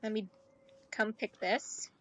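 A woman giving chatty let's play commentary, talking to game characters and gushing excitedly. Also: mid-range voice, slow pace, a little hiss or hum. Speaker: gaming YouTuber.

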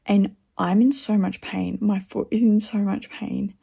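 A young woman vlogger with a gravelly, husky voice tells her week to the camera in loose, chatty storytime. Her tone sits on the dark, mellow side, and she talks bluntly and swears without a second thought. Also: mid-range voice, fairly even intonation, a little slow. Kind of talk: casual vlog storytime.

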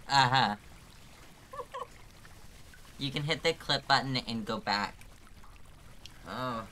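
A man's voice: medium pitch, slow, sharp tone, slight background noise. A man streaming a game live, thinking aloud, swearing often and laughing through his frustration. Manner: talks to chat, thinking aloud. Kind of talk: live gameplay commentary.

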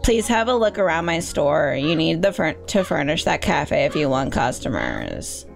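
A poised female store owner from a cozy game, put on by a woman, courteous and a little grand. She speaks in a lowered, smooth voice with lively inflection. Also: moderate pace, soft background music, exaggerated voice.

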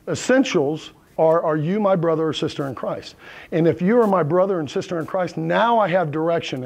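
A male pastor delivers a conversational sermon from the pulpit. His voice sits high for a man and has a gravelly, crackly texture, and he keeps pausing to check in with his listeners. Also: darkish tone. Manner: checks in with the congregation, asking "right?" and "okay?". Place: church sanctuary with congregation.

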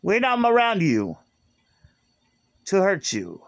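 A man's voice: high-pitched, huge pitch swings, takes it slowly, gravelly, dry recording, clean studio sound. A man in an aggrieved, repetitive rant, recorded on a phone. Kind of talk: angry rant to camera.

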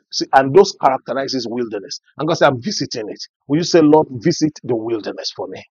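A man's voice: a little high, a little mellow, dry recording, highs cut off. A male pastor, preaching and praying fervently, with prayer refrains and speaking in tongues. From Nigeria.

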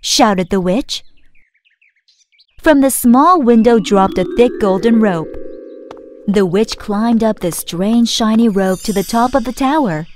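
Clear, expressive woman narrating a fairy tale. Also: fairly high pitch, slow. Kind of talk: scripted storybook narration for children.

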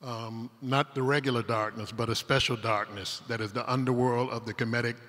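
A man's voice: medium pitch, fairly even intonation, fairly quick, fairly bright tone. Man telling stories in a reverberant hall. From Detroit, Michigan, USA. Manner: rambling, humorous anecdotes told with asides. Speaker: conference speaker. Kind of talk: storytelling talk on stage. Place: converted industrial hall used as a conference venue.

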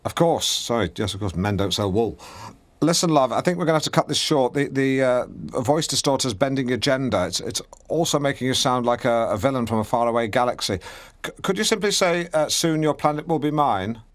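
A man's voice: medium pitch, expressive, a little fast, no room sound. A man hosting a comedy radio show, pompous and blundering, often stumbling over his words. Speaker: radio presenter.

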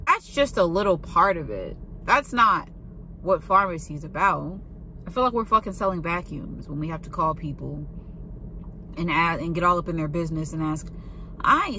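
A woman's voice: fairly low pitch, pushed and bright, a little hiss or hum. A young woman who works in a pharmacy, ranting in a blunt, profane and sarcastic way in a casual monologue. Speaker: pharmacy worker venting.

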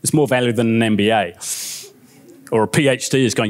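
A man with a New Zealand accent giving a lively, conversational keynote talk on stage, often checking in with the audience. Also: mid-range voice, brisk. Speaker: conference speaker. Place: conference stage.

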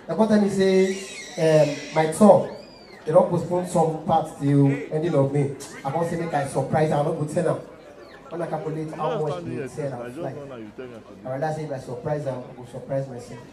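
A young stand-up comedian who tells his stories loudly and with animation. His voice is high for a man, and it rings through a roomy hall from a distant mic. A faint crowd murmurs behind him. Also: normal speed. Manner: animated, loud storytelling in pidgin-tinged English. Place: live stage before an audience.

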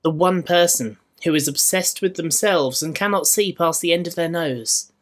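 A man with a Scottish accent preaching a sermon in church, measured and rhetorical, with dry humour. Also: fairly high pitch. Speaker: minister.

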